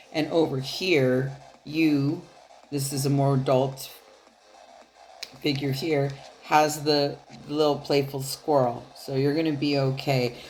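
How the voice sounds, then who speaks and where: A woman's voice: a bass voice, darkish tone. A woman giving a casual tarot reading straight to her viewers, chatty and loose, swearing now and then and laughing often. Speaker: tarot card reader.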